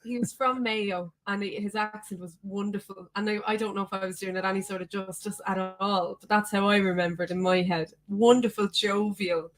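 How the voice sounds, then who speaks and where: A woman's voice: medium pitch, steady tone, fairly quick, few pauses, poor audio. Chatty Irish woman songwriter. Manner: chatty, lots of "like" fillers. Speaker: songwriter guest. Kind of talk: casual chat.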